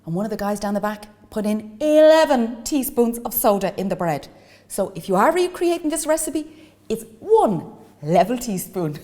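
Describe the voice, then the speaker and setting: An Irish cooking teacher with a mid-range, slightly mellow voice leads a baking demonstration in a large hall. She's chatty and enthusiastic, offering tips and little asides as she works.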